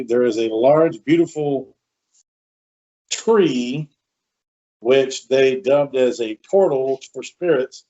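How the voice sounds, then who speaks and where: A man hosting a podcast, chatty and animated as he tells a story with asides. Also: mid-range voice. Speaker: podcast host. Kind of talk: casual storytelling. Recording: dull lo-fi sound.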